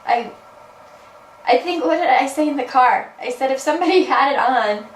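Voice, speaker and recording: A woman co-hosts a casual movie review, talking in a relaxed way and often restarting her sentences. Her voice is fairly high. She sounds distant and echoey, with a faint hum behind her. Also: moderate pace. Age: 20s or 30s. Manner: relaxed, hesitant restarts, laughs. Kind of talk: casual chat. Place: in a car.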